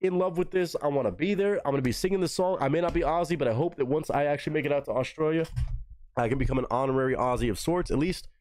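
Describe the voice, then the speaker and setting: A man from Texas hosting a live music reaction, talking excitably and swearing freely. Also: quick pace, no echo. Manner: excitable, swears freely, big swings in pitch.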